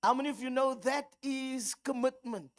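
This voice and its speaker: A South African woman preaching with a high, bright-toned voice. She tells stories at an easy pace, then rises into fervent repetition and calls to the congregation. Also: normal speed. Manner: storytelling, rising into fervent exhortation. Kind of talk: sermon.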